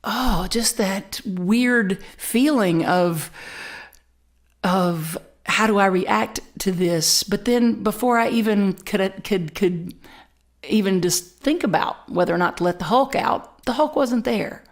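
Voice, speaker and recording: A middle-aged woman pastor telling a personal story in a conversational sermon, with animated delivery and laughing asides. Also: mid-range voice, slow pace.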